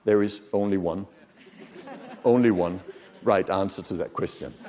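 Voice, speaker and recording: With a deep, darkish voice and a measured pace, a man in his fifties lectures live in a large conference hall. He talks casually, mixing in humor and quizzing the audience, and the lecture room's long reverb trails his words.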